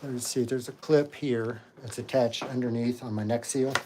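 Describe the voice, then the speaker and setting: A man hosts a casual live Q&A and rambles in a friendly, unpolished way, full of ums and uhs. He is pulling off pieces of costume armor as he talks. Steady hiss and clicking run under the recording. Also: medium pitch, normal speed. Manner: chatty and rambling, with many fillers. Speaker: cosplay channel host.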